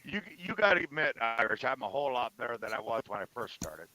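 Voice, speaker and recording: A man in casual chat on a live stream, joking and telling animated stories. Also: medium pitch, quick pace, a crowd in the background, poor audio.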